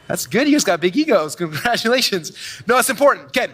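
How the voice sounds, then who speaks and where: Fast, bright-voiced man giving a keynote. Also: high voice. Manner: energetic, boastful storytelling with quick asides. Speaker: conference speaker. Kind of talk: live keynote talk to a large audience. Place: large event hall on stage.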